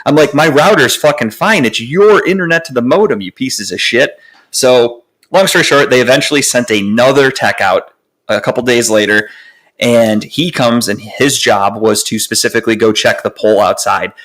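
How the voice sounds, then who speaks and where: Young man ranting on a podcast. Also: on the low side. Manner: animated, profane ranting with lots of fillers. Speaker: podcast co-host. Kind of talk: casual storytelling chat.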